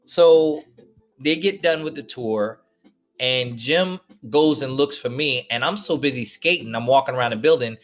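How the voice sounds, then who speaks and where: Hosting his podcast, a man from the northern US shares a personal story, performing the voices of its characters. His voice sits mid-range with a bit of brightness.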